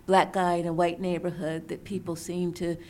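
Thoughtful woman, somewhat low voice. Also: flat delivery, mellow. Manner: thoughtful, measured storytelling. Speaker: author and researcher guest. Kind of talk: interview answers.

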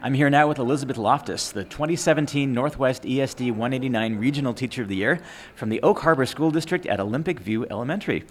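A man hosting interviews, giving brisk, friendly introductions and questions. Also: mid-range voice, slight background noise.

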